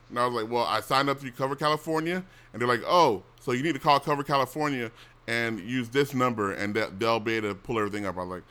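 Blunt, bright-voiced man ranting. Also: mid-range voice. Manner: blunt, complaining, profane, with restarts. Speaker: show host. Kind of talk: casual rambling chat.

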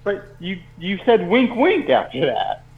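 Male co-host, a bit high and animated, needles his partner in casual on-air banter. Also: a little slow, vocal fry, narrow, tinny audio. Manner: teasing, needling.

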